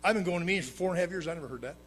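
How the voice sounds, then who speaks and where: A man telling his own recovery story to a live audience at a meeting, plain-spoken with dry humor, swinging between loud emphatic bursts and low hushed asides. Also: rapid-fire, heavy background noise.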